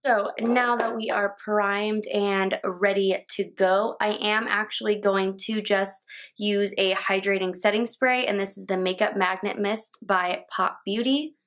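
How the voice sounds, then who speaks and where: A woman's voice: mid-range voice, steady tone, a little slow, a bit bright. A young woman chatting casually through her makeup routine at home as a beauty vlogger, tripping over words now and then and laughing them off. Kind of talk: makeup tutorial talk-through. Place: home, indoors.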